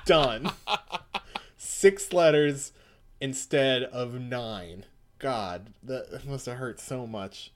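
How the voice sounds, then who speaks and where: Male co-host, mid-pitched, joking, recaps a comic in casual chat. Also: very slow, pauses often. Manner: laughing, joking, acting out quoted lines. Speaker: podcast co-host.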